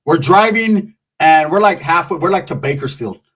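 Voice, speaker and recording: Middle-aged man, slangy profane storyteller, fairly high voice. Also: lively intonation, moderate pace, a bit bright. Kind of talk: comic street storytelling.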